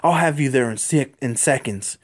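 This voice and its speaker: A man's voice: mid-range voice, moderate pace, natural voice. A man voicing a young male superhero who strains and pleads in a raised voice. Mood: desperate.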